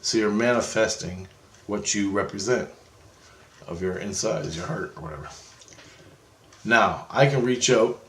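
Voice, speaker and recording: A man vlogger with a lowish voice rambles through a long story, swearing a lot and correcting himself in an animated monologue. He speaks a little slowly and pauses often, and the reverberant recording carries a slight hiss or hum.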